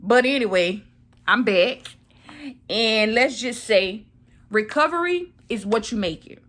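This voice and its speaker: A woman's voice: a little high, expressive, slow, fairly bright tone. A woman in her thirties talking casually to camera, recovering from surgery and repeating phrases for emphasis. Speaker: vlogger.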